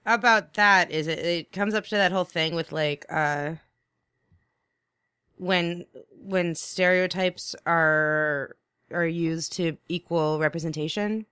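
A podcast co-host with a smooth, clear voice, recorded dry and close. Talks in a thoughtful, hesitant way during casual chat. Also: medium pitch, fairly even intonation, takes it slowly, pushed and bright, no echo.

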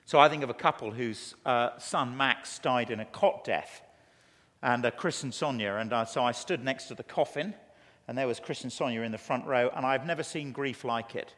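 A man with an English accent preaching a conference sermon, telling stories and acting out quotes in an animated way. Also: medium pitch, moderate pace. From England. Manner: animated, storytelling with acted quotes. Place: large conference hall. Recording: long hall reverb.

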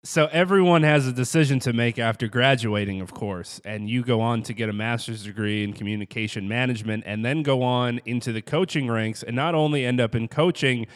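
A man's voice: mid-range voice, long reverb tail. Man host asking long interview questions. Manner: measured, asks long framing questions. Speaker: podcast host.

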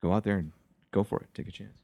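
A man who is a guest on a podcast in a music studio, speaking reflectively and haltingly, with many restarts. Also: lowish voice, steady tone, gravelly, mellow, dry recording. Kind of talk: casual interview chat.

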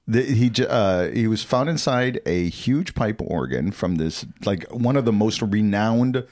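A man co-hosting a podcast in casual chat, animated and reading headlines with mock drama. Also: fairly low pitch, a little slow. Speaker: podcast co-host.

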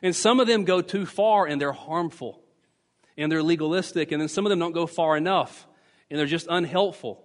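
A man preaches as pastor in a church sanctuary, emphatic and instructive, hammering points home by repeating key phrases. The recording carries long church reverb, and his fairly high voice keeps a moderate pace.

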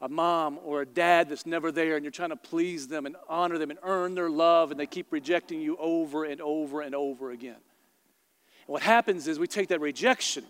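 A man preaching a sermon to a congregation in a large church auditorium. He tells stories in an animated way and turns to the congregation with quick asides. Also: on the high side, clean tone. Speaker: pastor. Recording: long hall reverb in a large room.

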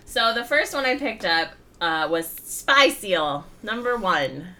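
A woman's voice: mid-range voice, lively intonation, slow pace, sharp tone. A woman in casual conversation, reviewing a comic with chatty, rambling talk and easy laughs. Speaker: podcast co-host reviewing comics. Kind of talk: casual chat.

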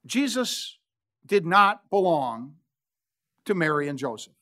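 A man in his sixties, a pastor preaching a sermon, telling the story with dramatic pauses and touches of humor. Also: fairly high pitch, very animated, sharp tone.

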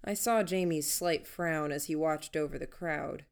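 A woman reading a first-person story aloud in an even, measured storytelling manner. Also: low voice. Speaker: audiobook narrator. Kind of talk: first-person audiobook narration.

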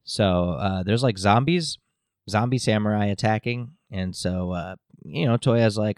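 A man with a low, deep voice chats his way through a loose, filler-heavy recap, jokey and meandering. The sound is dry and close to the mic, with no room echo. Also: measured pace, darkish tone, clear, resonant tone. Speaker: podcast host. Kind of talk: casual episode recap.

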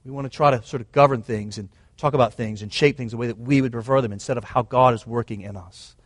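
A man's voice: mid-range voice, steady tone, quick pace, no echo. A man preaching a sermon in an earnest, emphatic way, often restating his points. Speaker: pastor.

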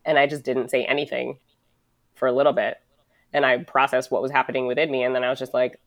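A woman's voice: very deep voice, flat delivery, fast talker, dry recording. A woman from the United States in a casual, reflective conversation, rambling and full of "like", swearing now and then.

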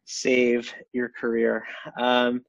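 A man's voice: medium pitch, completely flat delivery, vocal fry, no room sound, highs cut off. A man speaking as a podcast guest in casual chat, stumbling over restarts and fillers. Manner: halting, many restarts and fillers.

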